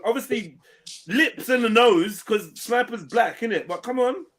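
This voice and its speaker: A man's voice: extremely high pitch, fairly bright tone. A man, joking and teasing on a live online panel in slangy casual talk. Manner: teasing, slangy, drawn-out words.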